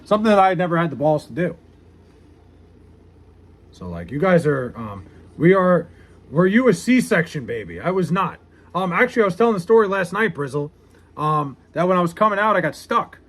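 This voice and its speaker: High-voiced joking male streamer. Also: very animated, a little fast, pauses often, a bit bright. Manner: joking, profane, self-mocking banter with viewers. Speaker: live streamer reading chat. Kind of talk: casual livestream chat.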